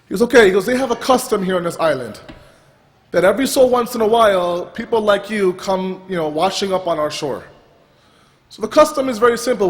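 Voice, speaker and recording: A man giving a religious talk, telling a story with lively pacing, frequent restarts and quoted dialogue. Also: sits high. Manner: animated storytelling with repeated restarts. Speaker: religious speaker. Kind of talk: sermon storytelling. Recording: reverberant hall.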